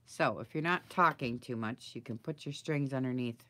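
Low-voiced rambling woman crafting on camera. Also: normal speed, a bit bright. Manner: rambling, thinks aloud, asks viewers for advice. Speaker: craft video maker. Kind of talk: chatty live crafting video.

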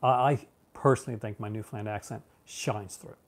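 A man's voice: on the low side, steady tone, a little fast. A man from Canada, around his thirties, talks casually to his viewers. His speech wanders, full of fillers, restarts and easy laughter. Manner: rambling, many restarts and fillers, laughs often. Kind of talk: casual chat, answering viewers.

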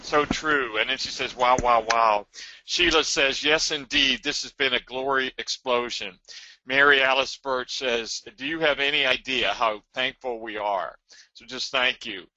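Forceful, dry-sounding male webinar host. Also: mid-range voice, measured pace, dry recording. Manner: warm affirming, frequent amens. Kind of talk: hosting a live webinar, reading comments. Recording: dull, dry lo-fi web audio.

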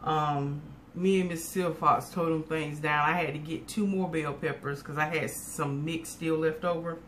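A woman's voice: low voice, steady tone, normal speed, a bit bright. Woman, folksy cooking vlog, talks to viewers as y'all, camera mic in a home kitchen, faint room hum. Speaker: cooking vlogger. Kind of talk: casual cooking and eating vlog.

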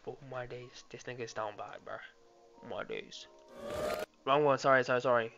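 A young man streaming live and reacting loudly, laughing and often saying "oh my days" and "bro". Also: mid-range voice, fairly even intonation, normal speed, vocal fry. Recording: dull lo-fi sound with faint music. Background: faint background music.

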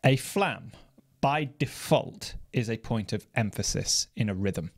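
A man explaining drum technique in a measured, precise, methodical way. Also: fairly low pitch, animated, breathy edge. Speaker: drum teacher. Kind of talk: instructional explanation. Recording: loud noise from snare drum playing. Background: snare drum playing.

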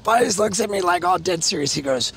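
A man hosting a podcast, telling a rowdy, profane story, excitable and laughing as he talks. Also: sits high, a little fast, gravelly. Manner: excitable, profane, laughs through his stories. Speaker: podcast host.

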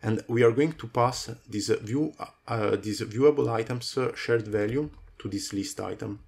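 Man with a low voice explaining code. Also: normal speed, creaky, darkish tone, breathy edge. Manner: talks through code with many fillers. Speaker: coding tutorial host. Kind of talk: screen-recorded coding tutorial.

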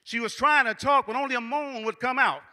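A man preaching a sermon as a church elder, with a repetitive cadence that builds into shouting. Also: extremely high pitch, a little fast, big-room sound. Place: church sanctuary.

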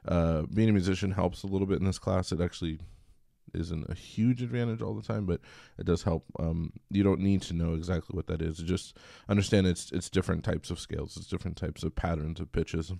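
A man giving a recorded college music lecture in a relaxed, chatty way, singing short examples. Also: low-pitched, fairly quick, gravelly, dry recording, clean studio sound.

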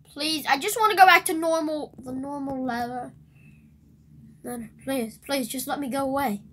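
A woman hosting a let's play video, rambling and excitable, shrieking whenever something surprises her in the game. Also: sits high, normal speed, slight background noise. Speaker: gaming video host.

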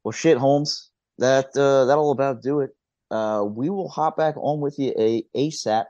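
A man's voice: mid-range voice, measured pace, dark tone, no echo. A man in his thirties co-hosting a podcast in loose casual chat, stammering through restarts and laughing as he goes. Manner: laid-back, stammering restarts, swearing and laughing. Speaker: podcast co-host. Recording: dull lo-fi podcast audio.

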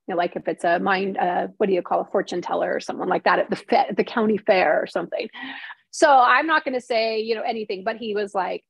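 Husky-voiced woman telling a personal story. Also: medium pitch, fast, no echo. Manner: candid and emotional, acts out quoted lines. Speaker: interview guest, former TV reporter. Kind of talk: personal storytelling in a casual interview.

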